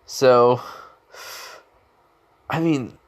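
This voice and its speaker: A man's voice: medium pitch, steady tone, drawn-out words. A man voicing a cocky young male villain student who taunts and threatens, with a smug, laughing manner.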